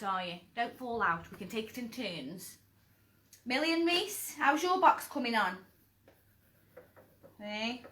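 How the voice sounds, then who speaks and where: A woman's voice: medium pitch, bright, forceful tone, slight background noise. A woman hosts a live kids' cooking and craft session. She talks in a chatty, encouraging way, calls out the children by name and pokes fun at her own drawing. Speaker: children's cooking class host. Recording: echoey room on a live stream.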